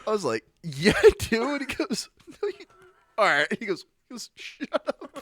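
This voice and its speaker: A man's voice: very high voice, huge pitch swings, a little slow, bright, forceful tone, husky, no echo. A young man co-hosting a podcast, telling an embarrassing story in casual chat and laughing often. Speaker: podcast co-host.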